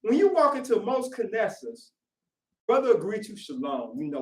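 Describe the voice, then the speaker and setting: In an echoey worship hall, a man with a high voice preaches at normal speed, picked up from afar. He's animated, sometimes shouting, and voices congregants in quotes.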